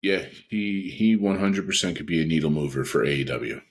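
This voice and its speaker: A man's voice: extremely low pitch, expressive, brisk, slightly rough. A man co-hosting a podcast in casual chat, blunt and colloquial. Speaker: podcast co-host.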